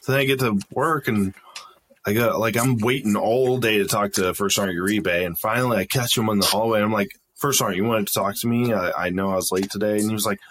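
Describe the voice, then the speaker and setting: A man telling a work story in a casual podcast chat, lively and profane, acting out the dialogue. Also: on the low side, a little fast, slight background noise.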